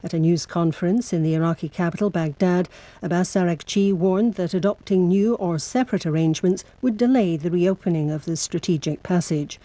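A woman reading a radio news bulletin in a measured, formal way. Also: lowish voice, mellow, dry recording. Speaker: newsreader.

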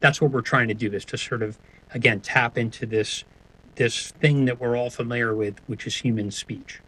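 A man's voice: medium pitch, fairly even intonation, moderate pace, fairly bright tone, breathy edge, rough recording. A man speaking as a guest in an interview, answering in a hesitant way with many restarts. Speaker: sonic branding guest.

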